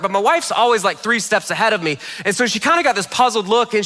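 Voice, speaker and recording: A man preaching a sermon, telling a funny family story with lively comic timing. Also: high-pitched, fast talker, few pauses, long reverb tail. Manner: humorous, animated storyteller. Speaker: pastor.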